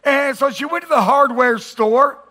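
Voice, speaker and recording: Pastor, male, high bright voice, chatty sermon delivery with jokes and call-and-response. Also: normal speed. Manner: conversational preaching with jokes and audience call-outs. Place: church auditorium with congregation.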